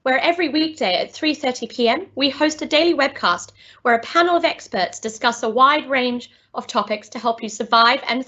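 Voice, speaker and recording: A woman's voice: fairly high pitch, pushed and bright. A woman hosting a company webcast, reading a scripted welcome over a video call. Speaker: webcast host. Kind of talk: scripted introduction. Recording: dull lo-fi video call audio.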